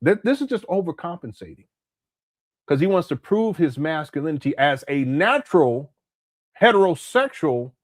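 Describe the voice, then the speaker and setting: A man from Southern California with a fairly high voice hosts a reaction commentary. He talks candidly and with animation, often restarting his sentences, in a dry, close recording. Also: no echo. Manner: candid and animated, with frequent restarts and quick asides. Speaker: commentator and channel host.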